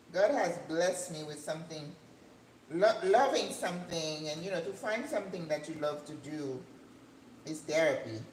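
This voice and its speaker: An older woman hosting a cooking channel, chatting casually as she cooks in her home kitchen, rambling and breaking into excited high notes. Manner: chatty, rambling, with sudden excited jumps in pitch. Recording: echoey room with faint background hum.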